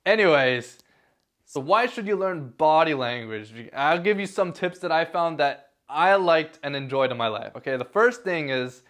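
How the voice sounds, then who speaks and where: Young male vlogger, casual and filler-heavy, slightly high voice. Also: lively intonation, moderate pace, fairly bright tone. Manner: laid-back, filler-heavy, repeats words. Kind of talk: casual talk to camera.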